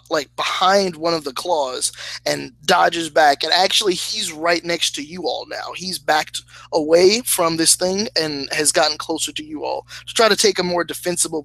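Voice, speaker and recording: A man narrating as game master of a tabletop game, speaking slowly with hesitant fillers and laughing at his own slips. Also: fairly high pitch, vocal fry, sharp tone, dry recording, poor audio. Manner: slow, hesitant, laughs at himself.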